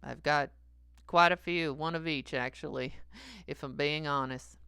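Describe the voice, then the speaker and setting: Sleazy middle-aged preacher guy a woman doing him, rambling real slow with tons of uhs, kinda low voice. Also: bright, forceful tone, clear, resonant tone, no room sound, studio quality, heavily acted. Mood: confessional. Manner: rambling and hesitant, full of fillers, chuckling at himself. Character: degenerate 48-year-old male pastor, sleazy and confessional. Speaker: comedic character sermon. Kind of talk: stream-of-consciousness comic sermon.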